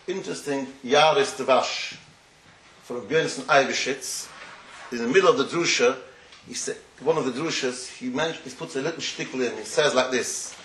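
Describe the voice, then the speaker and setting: A man's voice: medium pitch, fairly bright tone. A man teaching a Torah class, explaining in a digressive way and sprinkling his talk with Yiddish and Hebrew terms. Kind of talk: Torah lecture. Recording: echoey room.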